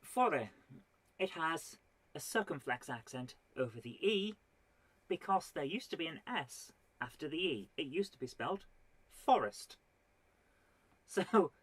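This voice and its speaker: A woman's voice: low-pitched, fairly bright tone, slightly rough, no room sound. A woman performing a stand-up comedy routine, full of exasperated rhetorical questions and mock indignation.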